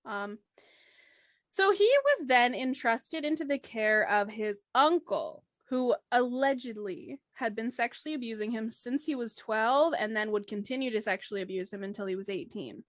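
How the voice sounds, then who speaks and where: A woman's voice: fairly high pitch, animated, normal speed, no room sound, studio quality. A woman hosting a casual banter podcast, wry and casually swearing. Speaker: podcast host.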